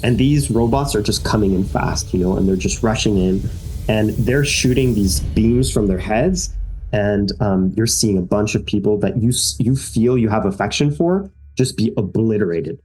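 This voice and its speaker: A man's voice: lowish voice, moderate pace, darkish tone, a little hiss or hum, low-quality recording. A man narrating a tabletop game as game master, telling the story with energy and many fillers.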